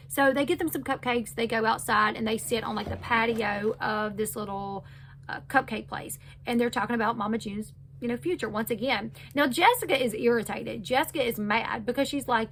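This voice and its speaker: A woman with a voice on the high side, creaky and a bit bright, recaps a reality show at normal speed. Her casual, chatty retelling is loose and full of fillers, with a slight hiss or hum.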